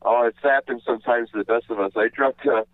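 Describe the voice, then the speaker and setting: A man's voice: mid-range voice, steady tone, fast talker, dry recording. Man rambling over a tinny phone line. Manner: meandering, overly apologetic storytelling. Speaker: caller. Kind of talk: rambling comic call-in story.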